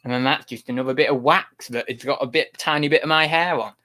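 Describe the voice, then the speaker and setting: A man's voice: medium pitch, fast talker, bright, forceful tone. Rambling man livestreaming. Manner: rambling, self-interrupting, exasperated with chat. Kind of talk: casual livestream chat.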